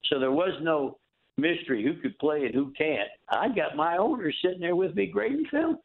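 An older man, a former football coach, telling stories in an interview in a folksy, animated way, acting out the other voices. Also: on the high side, normal speed, gravelly. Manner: folksy, animated storytelling with quoted dialogue. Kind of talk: storytelling interview. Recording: tinny phone line.

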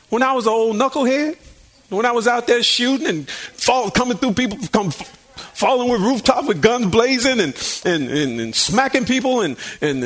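A man's voice: very high voice, a bit bright. An older man preaching a sermon in a folksy, conversational way, repeating himself and building in fervor. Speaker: pastor.

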